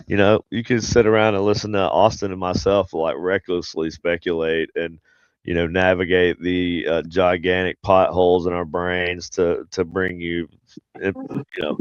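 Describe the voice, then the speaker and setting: A man's voice: sits low, little pitch movement, moderate pace, smooth, no echo, dull audio. A man hosting a paranormal podcast, chatting casually and rambling with many fillers and restarts. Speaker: podcast host. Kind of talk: casual chat.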